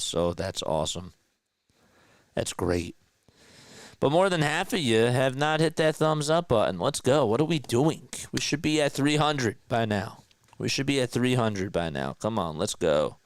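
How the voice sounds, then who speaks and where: Excitable man calling live play-by-play. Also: fairly low pitch, smooth, no echo. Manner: excitable, hyped, chatty with viewers. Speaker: fan play-by-play streamer. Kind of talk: live fan play-by-play commentary.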